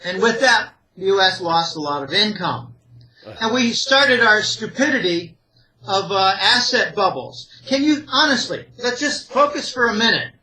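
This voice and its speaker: This interview guest is a man from the Pittsburgh area who works as an economic analyst. He sounds high, expressive and sharp at a measured pace, repeating his emphatic, strongly opinionated warnings, though the audio quality is poor.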